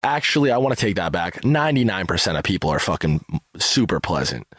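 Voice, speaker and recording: A man talking on a podcast in a laid-back way, full of profane slang. His voice is low and the sound is dry and close, and he sometimes trails off into a mutter. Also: sing-song, quick pace, fairly bright tone, no echo. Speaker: podcast co-host. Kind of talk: casual podcast chat.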